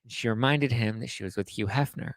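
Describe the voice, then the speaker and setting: A man hosting a casual book recap, telling the story in a gossipy, dramatic, animated way. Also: mid-range voice, fairly quick, vocal fry, dry recording. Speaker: host.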